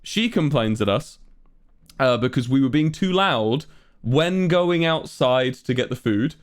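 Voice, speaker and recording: A young man tells a tour story on his livestream, rambling and swearing freely in a medium-pitched voice. He's animated and talks casually, as if to friends. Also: a little slow. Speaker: streamer and musician.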